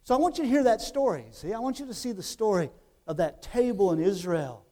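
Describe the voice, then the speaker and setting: A man with a fairly high voice delivers a sermon. He talks conversationally, throwing rhetorical questions at his listeners, and moves between hushed, drawn-out phrases and loud, emphatic ones. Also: expressive. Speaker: preacher.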